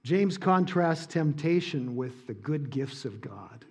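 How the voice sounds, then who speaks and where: A man preaching a sermon in church, earnest and emphatic, dropping soft on key points. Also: a little high, animated, slow, breathy edge. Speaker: pastor.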